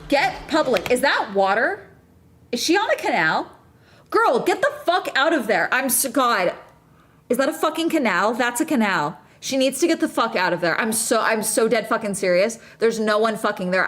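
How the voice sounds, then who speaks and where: A woman's voice: a little high, expressive, moderate pace, a bit bright. A woman streamer reacting to a video in casual chat, anxious and swearing, urging the person on screen to get away. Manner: anxious, swearing, urgent pleading.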